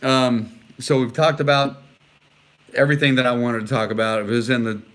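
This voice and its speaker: A man's voice: medium pitch, little pitch movement, normal speed, fairly bright tone. A middle-aged man from Texas, chatting casually and earnestly on a livestream, rambling with many fillers as he answers viewers' comments. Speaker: vlogger answering live comments.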